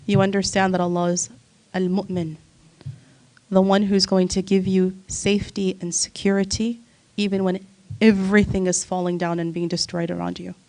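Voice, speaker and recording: A woman's voice: mid-range voice, flat delivery, moderate pace, dark tone. A woman teaching a religious study circle, telling a moving story in a heartfelt way, close to tears. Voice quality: voice breaks near tears. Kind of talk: emotional religious talk.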